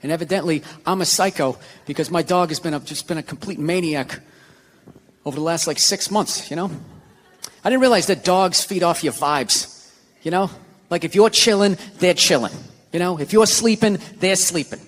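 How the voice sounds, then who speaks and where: An American man doing a stand-up routine, ranting and breaking into shouted outbursts. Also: high-pitched, moderate pace. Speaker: stand-up comedian. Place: theater stage. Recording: live venue reverb.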